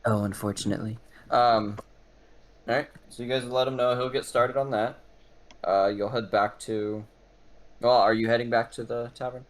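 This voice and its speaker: A man's voice: medium pitch, steady tone, normal speed. A man narrating a tabletop game as game master, with many hesitant fillers.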